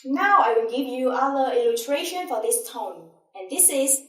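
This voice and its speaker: A woman teacher with a Vietnamese accent, slowly explaining and demonstrating tones syllable by syllable. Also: high-pitched, animated, fairly bright tone. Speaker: language teacher. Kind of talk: slow, deliberate language lesson. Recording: echoey room, a bit far from mic.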